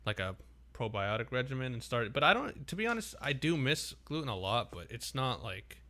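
A man's voice: mid-range voice, big pitch swings, a little fast, sharp tone. A man co-hosting a podcast in casual chat, rambling and swearing a lot. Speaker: podcast co-host.

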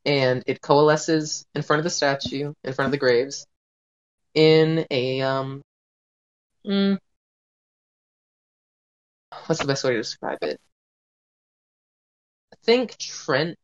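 A tabletop game player who describes their actions hesitantly and often pauses to search for words. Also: mid-range voice, clean tone, muffled recording.

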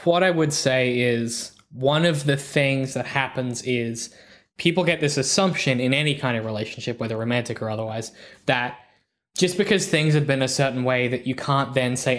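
A man's voice: medium pitch, fairly quick, fairly bright tone. Rambling, slangy man giving advice. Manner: rambling, profane, slangy, repeats words. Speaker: podcast co-host giving advice. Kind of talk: casual chat.

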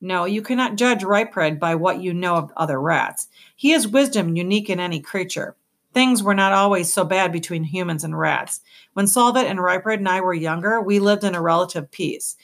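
A woman's voice: fairly low pitch, fairly bright tone. A woman reading the lines of a solemn, formal elderly male leader in a storybook. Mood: grave. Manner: grave, formal, deliberate.

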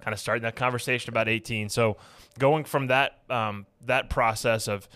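A man's voice: medium pitch, steady tone, normal speed, pushed and bright, clear, resonant tone, dry recording. A man hosting a sports podcast from a stadium studio, casual and self-deprecating with joking banter, sweaty after a day at practice. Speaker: podcast host.

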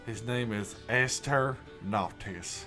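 A man's voice: mid-range voice, slow, sharp tone, soft background music. A man co-hosting an improvised comedy bit, easygoing and playful. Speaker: comedy co-host.

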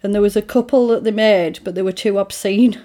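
Animated woman retelling a film. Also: mid-range voice, a little fast. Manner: animated storyteller, acts out quotes. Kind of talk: casual chat retelling a film.

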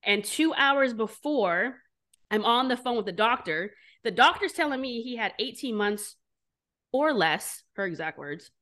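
A woman entrepreneur being interviewed, telling her story candidly and bluntly, animated and swearing freely. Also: a little high, a little slow. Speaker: entrepreneur guest.

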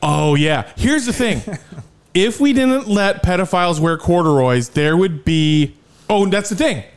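Joking young man, slightly high voice. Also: animated, a little slow, clear, resonant tone. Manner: joking, laughs often, rambling stories. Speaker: podcast co-host. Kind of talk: crude casual chat.

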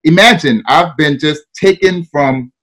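A man's voice: a little high, a little slow. Ghanaian-accented man telling his story. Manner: relaxed, often laughs, ends lines with "right?" and "you know". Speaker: guest. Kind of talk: personal storytelling in an interview.

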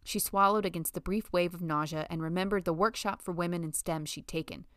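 Measured woman narrating a novel. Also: fairly low pitch, steady tone, no room sound, studio quality. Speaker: audiobook narrator. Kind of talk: scripted narration.

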